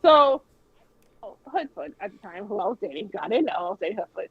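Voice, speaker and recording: A woman's voice: mid-range voice, sing-song, quick pace, husky, no echo, muffled recording. A woman guest telling a story on a podcast in a casual way, swearing freely and acting out the people she quotes.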